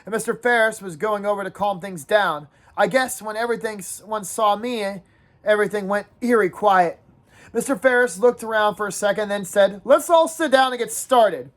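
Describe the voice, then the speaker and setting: In a medium-pitched voice, a woman teacher reads aloud from a first-person novel to her class. She pauses along the way to chat with her pupils and question them.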